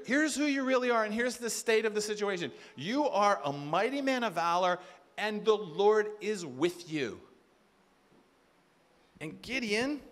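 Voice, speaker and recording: Animated, high-voiced man preaching a sermon. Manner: animated, acts out quoted voices, rhetorical questions. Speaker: conference speaker.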